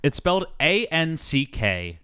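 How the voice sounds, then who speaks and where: A man's voice: on the high side, unhurried, clean tone, dry recording, clean studio sound. A man co-hosting a casual movie podcast, acting out scenes and joking as he explains them. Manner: animated storyteller, acts out scenes with shouts and funny lines. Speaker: podcast co-host. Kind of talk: casual movie-review chat.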